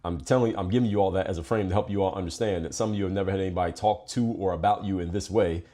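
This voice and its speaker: A man's voice: low voice, steady tone, warm tone. A man from Philadelphia hosting a podcast, giving a blunt, profane motivational monologue. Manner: profane, direct, fast-talking. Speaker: podcast host.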